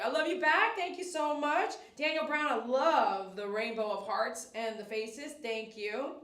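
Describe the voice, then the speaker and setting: A woman's voice: high voice, measured pace, hardly any pauses, fairly bright tone, recorded from a distance. A middle-aged woman dog groomer chatting on a live stream in her salon, giving emphatic, repetitive advice and coaxing a dog. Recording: echoey room, voice off-mic.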